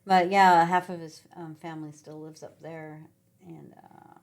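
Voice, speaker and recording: Unhurried and low-pitched, a middle-aged woman from Sacramento, California, tells loose travel stories as a guest on a podcast. Her delivery is lively but relaxed, peppered with ums, restarts, and other fillers.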